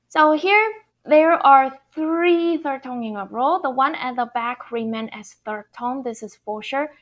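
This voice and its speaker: A woman, teaching Mandarin tones online, patiently explaining step by step and repeating each word. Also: fairly high pitch. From Taiwan. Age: 30s. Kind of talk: online language lesson.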